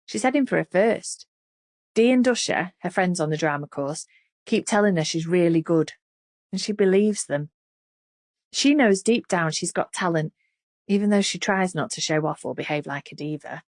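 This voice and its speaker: A woman reading an audiobook thriller in an expressive, scripted narration. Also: lowish voice, normal speed, dry recording, studio quality.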